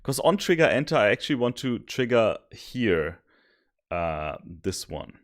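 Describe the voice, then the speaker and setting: A man streaming while he codes, thinking aloud, mocking his own mistakes and sometimes yelling happily. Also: mid-range voice, measured pace. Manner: thinks aloud, self-mocking, bursts of excited yelling and laughter. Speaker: streamer coding a simulation tool. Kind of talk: casual live coding commentary.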